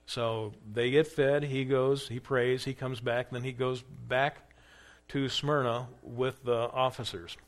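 A man's voice: medium pitch, fairly even intonation, takes it slowly. A man lecturing a class on church history. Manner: conversational, acts out quoted dialogue with rising emphasis; asks questions of a class.

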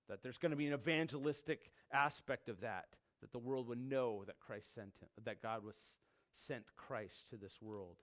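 A man's voice: mid-range voice, fairly bright tone. A man preaching a sermon, emphatic, repeating key words and dropping his voice when quoting scripture. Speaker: pastor.

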